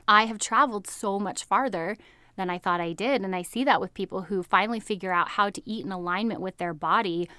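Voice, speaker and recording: A woman's voice: mid-range voice, fairly bright tone, smooth, no echo. A woman in her thirties from the United States, a health coach telling a story in a casual, upbeat way, with lots of "like" and frequent laughter. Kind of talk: casual podcast monologue.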